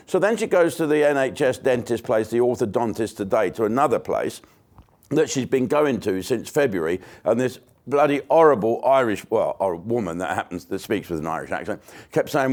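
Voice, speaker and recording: An older man tears into his subject in a blunt, foul-mouthed comic rant. His pitch sits in the ordinary middle for a man, and he breaks into asides and restarts as he goes. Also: very animated, moderate pace, a little mellow. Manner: blunt, sweary, mocking, with many restarts and asides. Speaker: comedian hosting his own online show. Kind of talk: ranting comic monologue.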